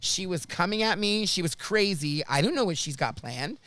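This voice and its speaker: A man's voice: high-pitched, moderate pace, no room sound. A man hosting a comedy podcast who tells driving stories and acts out the people in them. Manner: animated, acts out quotes in voices. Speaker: podcast host and rideshare driver. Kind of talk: comedic storytelling chat.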